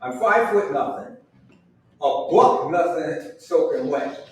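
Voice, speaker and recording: A man in his sixties hosts a live show with self-mocking stand-up, hopping from aside to aside in a fairly high voice. The small room rings with heavy echo, and he sits well back from the mic over faint noise. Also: expressive, takes it slowly, recorded from a distance. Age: 60s. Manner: chatty, self-mocking, jumps between asides. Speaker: host and stand-up comedian.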